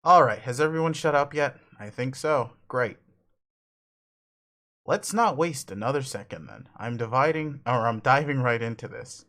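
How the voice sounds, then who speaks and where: A man's voice: mid-range voice, normal speed, a bit bright, lightly acted. A man doing a brusque, cursing troll boy. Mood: bossy. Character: angry shouty troll boy leader. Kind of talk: comic reading with voices.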